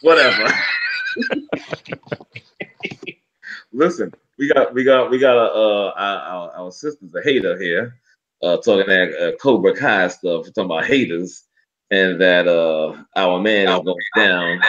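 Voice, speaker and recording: A man's voice: deep voice, moderate pace, a bit bright, lo-fi sound. A man co-hosting a casual sports talk show over a phone connection, loose and joking, stammering as he restarts his sentences. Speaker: podcast co-host calling in.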